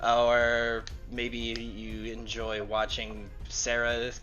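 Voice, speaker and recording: A man's voice: mid-range voice, monotone, extremely slow, bright, forceful tone, lo-fi sound, soft background music. A man in casual chat on a tabletop gaming stream, laughing, rambling and swearing casually. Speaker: co-game master and player.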